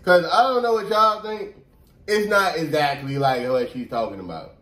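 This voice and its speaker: Brief: upbeat male vlog co-host, higher voice, mic sits back in a roomy space. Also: normal speed. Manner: animated, playful, acts out quotes. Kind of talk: casual storytelling chat. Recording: roomy echo, distant mic.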